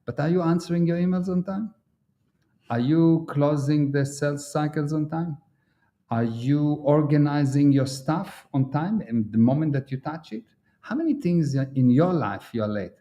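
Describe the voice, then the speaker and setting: Animated higher-voiced man. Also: normal speed. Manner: animated storyteller, acts out quotes. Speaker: host. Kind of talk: casual livestream chat.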